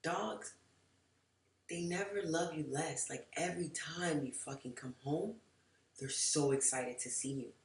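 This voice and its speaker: A woman telling a personal story in a casual vlog, animated and profane, shifting between loud outbursts and soft, low asides. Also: measured pace, far from the mic. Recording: roomy echo.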